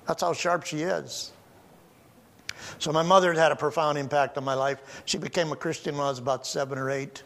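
Older male pastor, folksy sermon. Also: on the high side. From United States. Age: 70s. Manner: folksy, conversational storytelling with chuckles.

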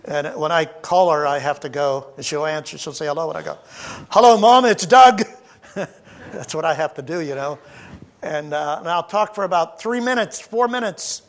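An older American man in his seventies preaches from the pulpit. His delivery is folksy and conversational, full of warm family anecdotes and light chuckles. His voice sits slightly higher than most men's. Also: fairly quick. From United States. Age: 70s. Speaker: pastor. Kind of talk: sermon.

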